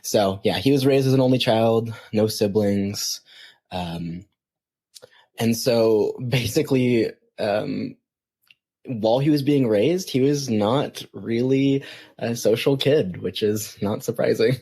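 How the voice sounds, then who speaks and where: A man co-hosting a podcast, telling a story in a casual, halting way with many ums and restarts. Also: medium pitch, mellow, breathy edge. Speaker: podcast co-host.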